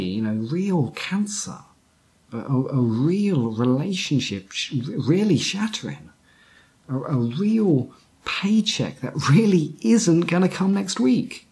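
A male pastor delivers a sermon in an unhurried, deliberate way, his voice carrying a gravelly edge. He often stumbles and repeats words, then sinks to a near-whisper to drive a point home. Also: a little high, mellow. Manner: halting, repeats words, drops to whispers for emphasis.

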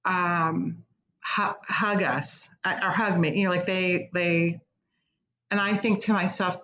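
Earnest middle-aged American woman, low voice. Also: steady tone, slow pace, bright, forceful tone, muffled recording. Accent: American Midwest. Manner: candid, earnest, tearful at times. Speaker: executive director of a concert pavilion, guest. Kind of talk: emotional interview conversation.

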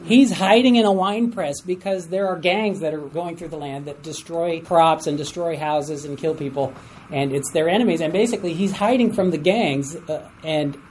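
A teacher leading a Bible study class, asking group members to read verses and explaining them in an animated way. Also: mid-range voice, moderate pace, slight background noise, poor audio. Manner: animated, asks the class for readers, chuckles at stories. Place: room with a class.

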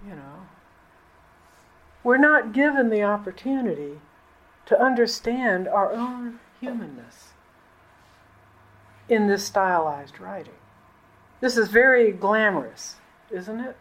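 A woman's voice: animated, unhurried, low-quality recording. Casual, colloquial woman pastor. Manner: casual, colloquial, pitch often jumps up. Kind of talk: conversational sermon.

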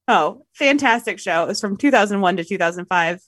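A woman's voice: medium pitch, animated, a little fast, a bit bright, no echo, clean studio sound. A woman co-hosting a casual podcast, telling stories in a rambling way and often correcting herself. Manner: rambling, self-correcting storyteller. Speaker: podcast co-host.

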